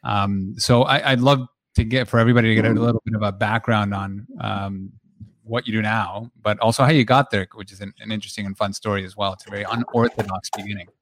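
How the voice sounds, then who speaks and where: A man's voice: lowish voice, steady tone, fast talker, a bit bright, no room sound. A man co-hosting a casual podcast interview, asking loose, rambling questions. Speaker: co-host.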